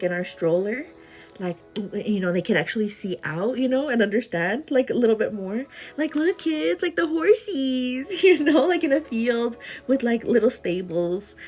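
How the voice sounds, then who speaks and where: In a mellow, medium-pitched voice, a woman who vlogs about beauty and lifestyle talks casually to her audience while getting ready live. She laughs a lot, leans on "like," addresses the viewer as "girl," and speaks sincerely about faith and gratitude.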